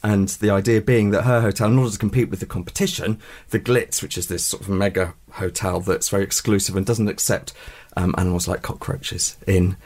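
A man speaks as a guest author in a radio interview. His voice is on the low side and he talks quickly. He rambles and corrects himself as he explains. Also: fairly even intonation, a little mellow.

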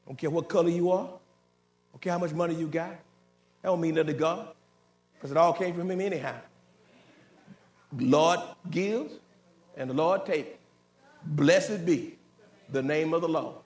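Fiery, high-voiced preaching man, echoing church. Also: faint music behind. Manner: preaching with sudden shouted climbs and drops to low, slow warnings; folksy, direct address to the congregation. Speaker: pastor. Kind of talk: fiery Sunday sermon. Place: church sanctuary. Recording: roomy church echo.

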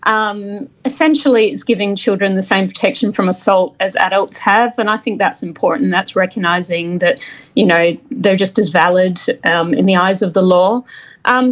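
A woman's voice: medium pitch, steady tone, moderate pace. A woman from Scotland with an accent mixed with Australian, a podcast guest speaking from her kitchen with easygoing, dry humour. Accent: Scottish mixed with Australian. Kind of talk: casual podcast chat. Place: home kitchen. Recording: dull, echoey kitchen line.

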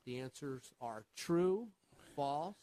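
A man's voice: a little high, lively intonation, slow, warm tone, no room sound. A man co-hosting a finance radio show as an advisor, patiently explaining retirement rules while quizzing his co-host. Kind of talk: radio call-in finance chat.

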